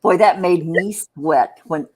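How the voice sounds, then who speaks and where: An older woman co-hosting a casual live-stream chat, teasing and bawdy with quick asides. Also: fairly low pitch, a little mellow, husky. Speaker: co-host.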